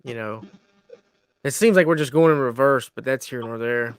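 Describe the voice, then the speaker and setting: A man's voice: medium pitch, normal speed, clean tone, no echo. A man co-hosting a casual podcast, laid-back and agreeable, trailing off and restarting as he talks. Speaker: podcast co-host.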